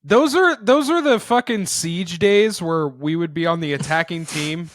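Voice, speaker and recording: A man co-hosting a podcast in casual chat, telling stories in an animated, loud way and swearing. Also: fairly high pitch, unhurried, no room sound. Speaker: podcast co-host.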